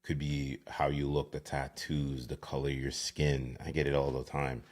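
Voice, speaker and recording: A man hosting a casual podcast interview over a video call, talking expressively and swooping high when he tells a story. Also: monotone, normal speed, darkish tone. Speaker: podcast host.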